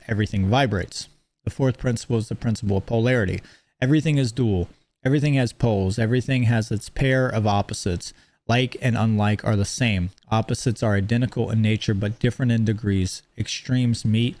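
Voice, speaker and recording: A man lecturing in a measured, explanatory way, reading out principles and then commenting on them. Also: on the low side, a little mellow, no echo. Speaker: teacher. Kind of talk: lecture on esoteric teachings.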